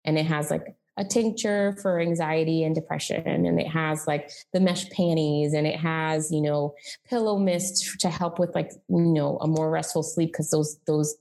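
A woman's voice: sits low, steady tone, normal speed, vocal fry, mellow. A woman in her thirties telling her personal story as a podcast guest, candid and chatty, with lots of "like" and "um". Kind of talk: casual conversational storytelling.

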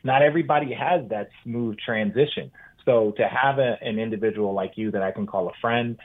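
A man in his forties, a former basketball player, telling stories as an animated podcast guest, with restarts. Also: medium pitch, fairly quick. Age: 40s. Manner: animated storyteller, with restarts and acted-out quotes. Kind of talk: casual storytelling chat. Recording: tinny phone-like line.

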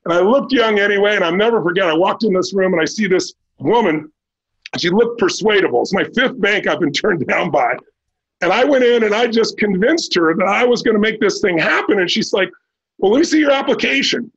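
A man in his sixties from Southern California talks as a guest on a podcast, with a husky, raspy voice that sits high for a man. He tells his story with energy and bursts into the voices of the people he quotes. The recording sounds a little dull and muffled. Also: fairly quick. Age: 60s. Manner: animated, acts out quoted dialogue in a raised voice.

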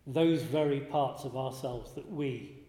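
A man gives a contemplative spiritual talk in a mellow, unhurried voice. He pauses often and restarts his phrases as he reflects. His words ring out with the long echo of a large room. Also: mid-range voice. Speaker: speaker giving a spiritual talk. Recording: roomy hall with long reverb.

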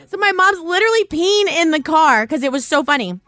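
A middle-aged woman hosting a podcast, telling stories in casual chat on a live stream, animated and laughing often as she acts out quotes. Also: extremely high pitch, a little fast. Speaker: podcast host.

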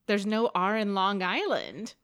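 A woman co-hosting a podcast, trading quick, wry banter in casual chat. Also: mid-range voice, lively intonation, a bit bright, smooth, no room sound, clean studio sound. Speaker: podcast co-host.

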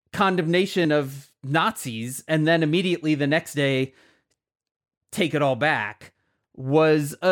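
A man co-hosting a podcast, talking politics in a blunt, indignant and profane way. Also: fairly high pitch. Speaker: podcast co-host. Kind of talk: casual political chat.

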